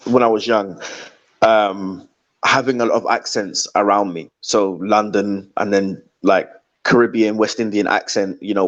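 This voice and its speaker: A man's voice: on the low side, highs cut off. A young man as a podcast guest, joking and chatting casually with lots of slang and restarts.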